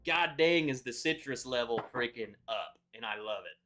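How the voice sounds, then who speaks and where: A man's voice: mid-range voice, animated, normal speed, bright, forceful tone. A man hosting a casual live stream, chatty and upbeat, greeting viewers by name as he talks. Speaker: livestream host reviewing whiskey.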